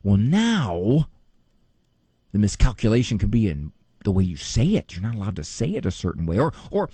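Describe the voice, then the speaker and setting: A man's voice: fairly low pitch, very animated, normal speed, warm tone, husky, no room sound. A man hosting a call-in radio show as a psychologist, joking and self-deprecating as he rambles along. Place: radio studio.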